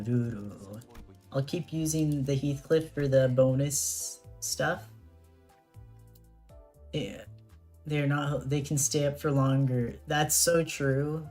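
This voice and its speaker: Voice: mid-range voice, slow, pauses often, darkish tone, soft background music. A streamer chatting casually during a live gameplay stream, laughing often and reacting to chat.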